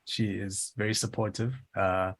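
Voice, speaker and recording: A man's voice: fairly low pitch, little pitch movement, moderate pace, slight background noise. A South African man, a voiceover artist, answering interview questions thoughtfully with frequent ums.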